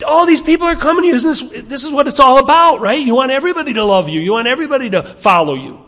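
Man putting on excited, pushy young disciples, voice jumped high, fast and insistent, long hall echo. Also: exaggerated voice. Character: eager, pushy male disciples of a teacher.

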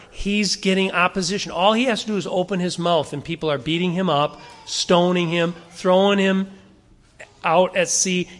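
A man's voice: high voice, a bit bright, big-room sound. A male pastor delivering a sermon to his congregation, exhorting them earnestly and asking rhetorical questions.

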